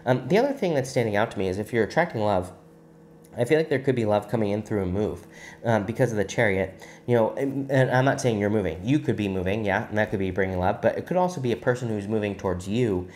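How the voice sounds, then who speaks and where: A man with a somewhat low voice walks his audience through a weekly tarot reading. He talks in a relaxed, musing way, often stopping to share what he feels. A faint hiss sits under the recording. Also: fast. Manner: conversational, musing, many "I feel" asides. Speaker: tarot reader.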